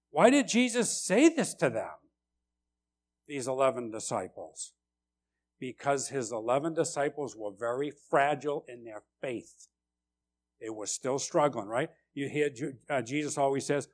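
A man preaching a sermon with passion, swelling loud on key phrases and repeating lines for emphasis. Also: on the high side, lively intonation, normal speed.

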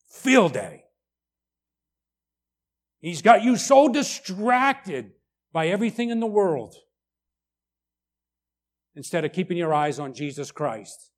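With a high-pitched voice and a measured pace, a middle-aged male pastor preaches with plenty of animation. Asides like "right?" and "okay?" pop up often as he goes.

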